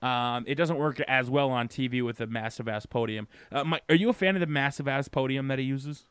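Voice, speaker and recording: A man chats loosely through a wrestling recap on a call-in show, stumbling over fillers and swearing casually. His voice is smooth and clear, recorded dry with no room sound. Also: mid-range voice, fairly quick, no echo. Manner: rambling, swears freely, many fillers.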